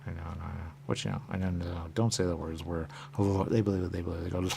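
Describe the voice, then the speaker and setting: A man's voice: deep voice, level tone, rapid-fire, gravelly, background noise. A man talking in a rambling monologue who keeps repeating the same stock phrase and drifts into whispers. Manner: repetitive, keeps saying "there you go", drifts into whispers. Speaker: radio talk host. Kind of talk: rambling stream-of-consciousness monologue.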